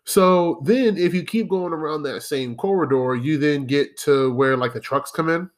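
A man's voice: fairly high pitch, normal speed. A man hosting a podcast, telling rambling, profane, self-deprecating stories in a casual monologue. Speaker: podcast host.

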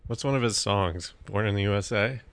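A man's voice: fairly low pitch, brisk, vocal fry, fairly bright tone, no echo. Skeptical, questioning male podcast co-host. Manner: skeptical, questioning, pushes back. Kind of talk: casual chat.

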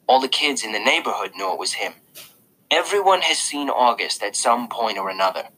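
Male audiobook reader, casual and confiding, lively delivery with a bright, slightly husky tone. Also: mid-range voice, brisk, rough recording. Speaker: audiobook narrator. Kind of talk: first-person audiobook narration.

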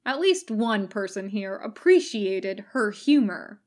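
A woman reading fan fiction aloud as a recorded podfic, in calm, even narration. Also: mid-range voice, slow. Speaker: podfic reader.

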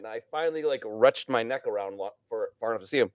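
A man's voice: mid-range voice, a little fast, darkish tone, no echo, clean studio sound. A man telling rambling stories in a casual chat, swearing freely as he goes.

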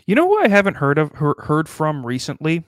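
A man's voice: a little high, wildly swooping pitch, no room sound, clean studio sound. A man co-hosting a podcast in casual comedic chat, riffing and swearing freely. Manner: riffing, profane, does quick mock voices. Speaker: podcast co-host.

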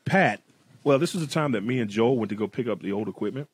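A man's voice: mid-range voice, expressive, fast, breathy edge, dry recording. A man co-hosting a casual podcast, telling rambling stories and laughing through them. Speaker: podcast co-host.

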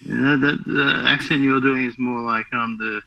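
A man with an Australian accent in a casual podcast chat, talking haltingly with many restarts. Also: mid-range voice, steady tone, creaky, no echo. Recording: dull dry lo-fi mic.

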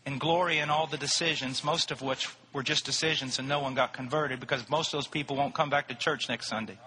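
A man preaching a sermon, telling a story with rising passion and shouting at its peaks. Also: mid-range voice, steady tone, a little fast, a little hiss or hum. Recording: hall reverb.

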